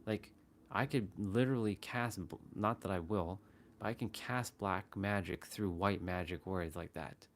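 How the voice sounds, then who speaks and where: A man's voice: fairly low pitch, a little slow, slight background noise. A man hosting a casual motivational livestream, talking earnestly and repeating phrases as he shows different ways of saying the same words. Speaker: livestream host.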